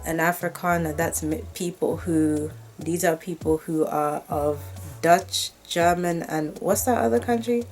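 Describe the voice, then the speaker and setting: A woman's voice: fairly low pitch, a little mellow. A woman from Britain vlogging in a chatty, rambling way, correcting herself mid-sentence and tossing in wry asides. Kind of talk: casual talking-head commentary.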